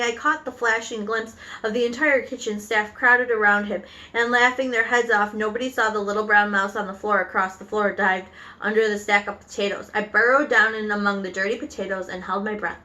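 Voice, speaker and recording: A woman reading a children's book aloud with animated storytelling and occasional slips. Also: mid-range voice, a little fast. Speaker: reader.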